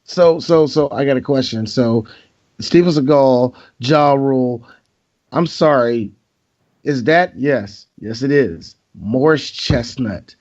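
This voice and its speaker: A man's voice: medium pitch, takes it slowly, a little mellow. A man co-hosting a podcast in casual banter, blunt and profane, joking about movies. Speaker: podcast co-host. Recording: dull lo-fi sound.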